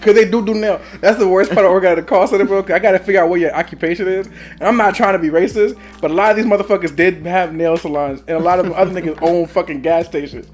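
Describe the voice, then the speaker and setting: Brash, fairly high-voiced man. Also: fairly even intonation, quick pace, faint music behind. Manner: brash storyteller, swears freely. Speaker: podcast co-host. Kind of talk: casual chat.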